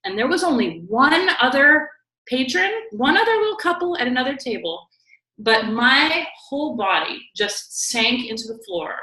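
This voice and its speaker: Bright-voiced woman telling a story. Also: sits high. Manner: animated, quick storytelling with many likes and you knows. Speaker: talk show co-host. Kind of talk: casual storytelling chat. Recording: echoey room.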